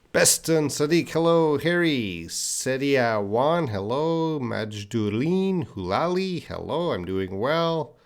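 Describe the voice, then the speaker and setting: This Canadian English teacher is live-streaming a lesson from a desk with a board in an indoor room, reading viewer chat and answering people by name. His mid-range voice is animated and slow, and he stays patient despite plenty of fillers and restarts.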